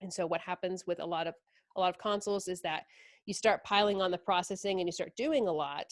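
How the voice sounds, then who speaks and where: A woman's voice: lowish voice, quick pace, no room sound, clean studio sound. A woman talking casually as a product specialist, explaining mixing consoles with lots of fillers. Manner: chatty, lots of fillers and likes. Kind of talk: casual technical demo talk.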